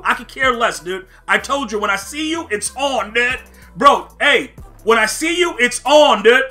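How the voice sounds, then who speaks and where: A man with a high, sharply bright voice gives live commentary over his own football gameplay. He trash-talks, answers his viewers, and bursts into shouts when a play goes wrong. Faint music plays underneath. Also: lively intonation, fairly quick. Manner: chats with viewers while playing. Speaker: gaming streamer.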